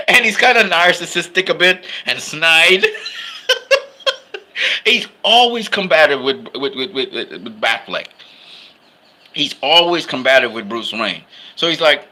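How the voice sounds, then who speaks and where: Animated man with a sharp voice. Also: on the high side, unhurried, long pauses, a little hiss or hum. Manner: enthusiastic, rambling. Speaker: film fan commentator. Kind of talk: casual film commentary.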